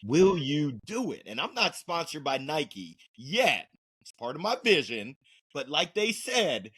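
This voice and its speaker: A man on a podcast interview pumping up his listeners like a motivational speaker. His husky voice swings widely in pitch and sits a little high for a man. He hammers points home with short, chant-like repeated calls to action. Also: a little slow. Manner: energetic hype-man delivery, exhorting listeners directly; repeats phrases for emphasis, punchy chant-like calls. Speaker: guest, motivational speaker and sales leader.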